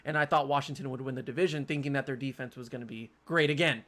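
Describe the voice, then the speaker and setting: A man hosting a casual sports podcast, talking in animated, quick bursts with frequent restarts. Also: medium pitch. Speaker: podcast host.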